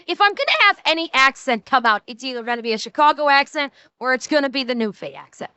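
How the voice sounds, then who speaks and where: Bright, high-voiced swearing woman streamer. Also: quick pace, hardly any pauses, clean tone, no room sound. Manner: animated, swears freely, laughs a lot. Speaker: streamer reacting to a video. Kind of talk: live reaction commentary.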